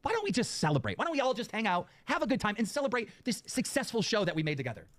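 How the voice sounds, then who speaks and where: A man's voice: sits high, very animated, very fast, a bit bright, dry recording, clean studio sound. A man in a clip, ranting angrily at his audience and swearing constantly. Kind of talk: angry profane rant.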